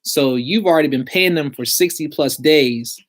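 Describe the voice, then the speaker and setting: A man with a somewhat high-pitched voice talks straight to the camera in a casual advice vlog. He is blunt and streetwise, with plenty of slang, and sounds like someone explaining credit repair from his own experience. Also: moderate pace.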